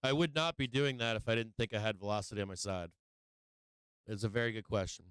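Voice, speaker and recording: Brash male trading-stream host, low voice, smooth and close with a dry sound, swears constantly. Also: fast, no echo. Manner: profane, brash, excitable trash talk. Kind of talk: live market commentary.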